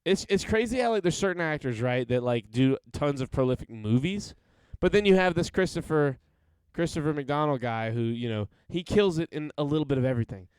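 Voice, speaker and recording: A man's voice: on the high side, lively intonation, a little fast, few pauses, a little mellow, smooth, no room sound, low-quality recording. A young man hosting a podcast, talking in a laid-back, sleepy way, swearing casually and laughing often. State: just woke up. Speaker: podcast host. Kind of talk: casual chat.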